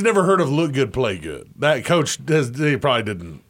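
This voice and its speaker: A man co-hosting a sports talk show in casual chat, animated and laughing often. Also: mid-range voice, moderate pace. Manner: animated, laughs often, shouts when imitating coaches. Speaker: sports radio co-host.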